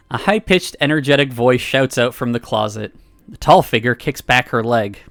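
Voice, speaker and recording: A man streaming, reading a visual novel aloud with expressive narration and laughing asides. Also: mid-range voice, gravelly, no echo, clean studio sound.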